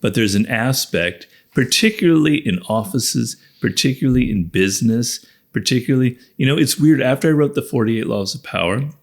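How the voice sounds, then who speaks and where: A man's voice: mid-range voice, expressive, normal speed, hardly any pauses. An American man, a guest author, talking through ideas in an interview, building points with repeated phrases. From United States. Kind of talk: conversational interview.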